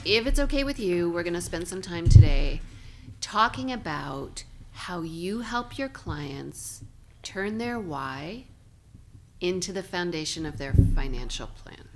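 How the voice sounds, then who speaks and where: Upbeat low-voiced woman, faint hiss. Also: expressive, measured pace. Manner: upbeat, prompting with questions. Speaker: podcast co-host. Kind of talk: casual conversation.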